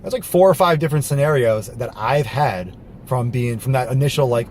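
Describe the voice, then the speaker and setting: Blunt, animated man talking in a car. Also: mid-range voice, brisk. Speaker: fitness vlogger. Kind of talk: casual monologue while driving. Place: inside a car. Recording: faint car noise behind.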